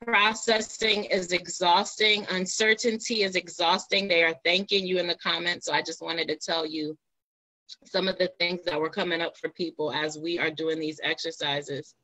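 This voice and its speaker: A woman hosting a live interview talks in a reflective, halting way, stopping to find her words. Her voice is bright and forward, and the sound is dry and close. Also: on the low side, steady tone, no echo, low-quality recording. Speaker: host.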